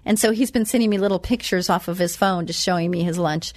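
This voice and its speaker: A woman giving a motivational talk. She quotes scripture slowly and with emphasis, then chats about her own life. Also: fairly low pitch, darkish tone, dry recording, clean studio sound. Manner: chatty and personal, tells anecdotes. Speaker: self-empowerment speaker.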